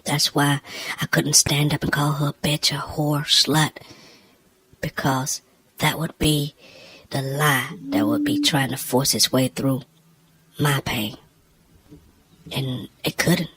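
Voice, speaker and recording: A woman telling a personal story, emotional and close to tears, in a halting, hushed voice that often drops near a whisper. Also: sits low, fairly even intonation, breathy edge, rough recording.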